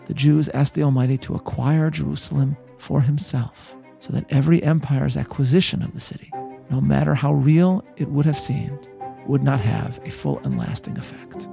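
A man hosting a podcast, telling history in measured, scripted narration that slows for emphasis. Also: medium pitch, expressive, vocal fry, warm tone, faint music behind. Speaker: podcast host.

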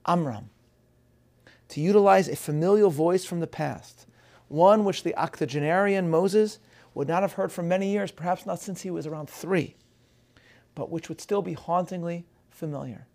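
A man giving a measured, scholarly lecture, reading out quotations and dropping in Hebrew phrases. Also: fairly high pitch, creaky, darkish tone. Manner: measured, scholarly, reads quotes aloud. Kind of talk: lecture on film and scripture.

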